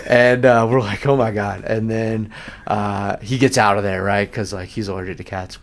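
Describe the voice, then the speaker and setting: A man's voice: lowish voice, moderate pace. A young adult man, a real estate agent, telling stories in a casual chat, full of fillers and laughter. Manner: animated, laughing storyteller who keeps saying "like".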